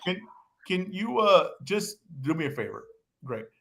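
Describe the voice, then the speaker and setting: A man's voice: high-pitched, measured pace, vocal fry. A man co-hosting a boxing podcast in casual chat, teasing and joking with his co-hosts. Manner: teasing, jokey, excitable. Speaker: podcast co-host.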